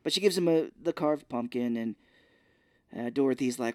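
A man co-hosting a podcast, casually retelling a film's scenes and slipping into quick voices for the characters. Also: medium pitch, dark tone, no room sound, studio quality. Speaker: podcast co-host. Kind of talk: casual movie recap chat.

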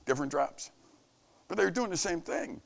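Speaking at a normal speed with some vocal fry, this man's voice is expressive as he gives camp staff a sincere devotional talk. As camp leader, he preaches earnestly, his pitch swelling and dropping for emphasis.

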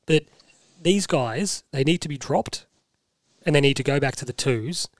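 An Australian man hosting a casual sports podcast, animated and forceful, repeating himself for emphasis. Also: a little high, normal speed, no room sound. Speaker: podcast host.

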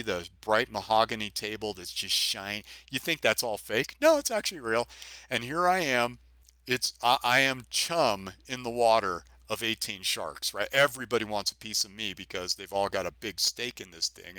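A man's voice: fairly low pitch, sharp tone, no echo. A middle-aged man, a retired police officer, recounting his own experience as a podcast guest in earnest, vivid storytelling with emphatic repetition. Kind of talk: personal story in a podcast interview.

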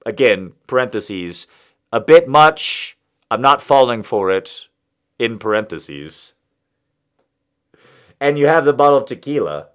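A man's voice: mid-range voice, lively intonation, unhurried, pauses often, clean tone. A man hosting a podcast, delivering a rambling, confessional, self-mocking comic monologue.

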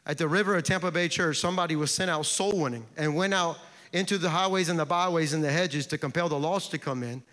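High, bright-voiced preacher in a big hall. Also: male voice, quick pace. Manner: impassioned preaching with repeated refrains. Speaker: pastor. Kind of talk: sermon. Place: large church sanctuary. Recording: long church hall reverb.

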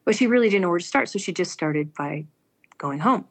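A woman's voice: fairly low pitch, fairly quick. A woman earnestly telling a personal story aloud, acting out the people she quotes. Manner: earnest, animated, acts out quoted speech.

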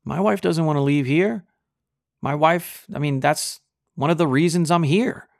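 A man's voice: a little high, measured pace, vocal fry, dry recording, studio quality, pitched above the performer's own voice. A man preacher voicing a hesitant husband who rambles apologetic excuses. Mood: sheepish.

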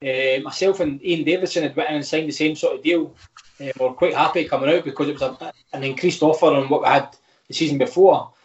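Rambling Scottish footballer, echoey room. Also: male voice, on the high side, fast talker, dull audio. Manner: rambling, frank, with lots of restarts. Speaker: footballer guest. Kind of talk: casual podcast chat.

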